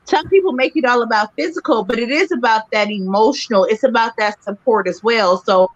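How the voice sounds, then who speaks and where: Frank woman cohost, kinda high voice, sounds a bit muffled. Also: a little fast, no echo. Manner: frank, heartfelt, swears freely. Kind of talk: casual radio talk show chat.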